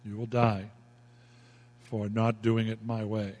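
A man's voice: on the low side, level tone, takes it slowly, darkish tone, big-room sound. A male pastor preaching a folksy, emphatic sermon, repeating himself as he explains scripture.

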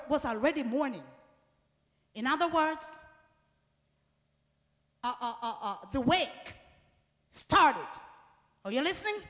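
A woman preacher giving a sermon in call-and-response style. She drives the congregation with repeated questions and builds to shouted peaks. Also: high voice. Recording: long reverb of a large hall.

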